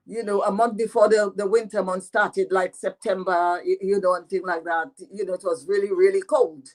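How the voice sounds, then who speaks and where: A woman in her eighties with a Dominican French patois accent, telling her own story as an author guest, slow and full of "you know" fillers. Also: medium pitch, steady tone, rough recording. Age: 80s. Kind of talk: interview answers.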